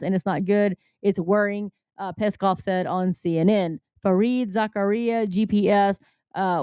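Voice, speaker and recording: A woman's voice: medium pitch, smooth, no room sound. Urgent woman reading news commentary. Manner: earnest, urgent, addresses listeners directly. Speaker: host. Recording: slightly dull lo-fi sound.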